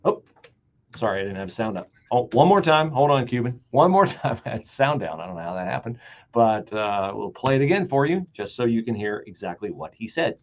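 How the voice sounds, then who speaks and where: A man hosting a political talk show, delivering an animated, sarcastic and emphatic monologue. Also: medium pitch, a little fast. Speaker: radio talk show host. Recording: dull lo-fi sound.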